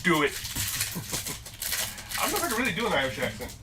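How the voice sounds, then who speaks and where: A man's voice: sits high, sing-song, fast talker, long pauses, distant mic, noisy background. A man hosting a live-stream card break, upbeat and jokey as he rattles off the cards pulled.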